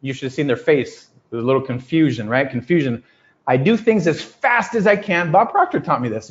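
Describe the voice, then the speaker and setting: A man giving an energetic, emphatic motivational talk to a group, telling stories and acting out quotes. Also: fairly high pitch, a little fast. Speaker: business coach. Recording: lo-fi muffled audio.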